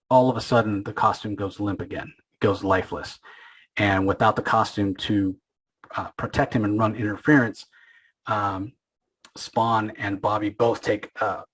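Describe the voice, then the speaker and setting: A man with a low, husky voice, talking through a comic book story as a podcast host. His delivery is loose and rambling, with many fillers and restarts. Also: a bit bright, poor audio. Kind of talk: casual comic book recap.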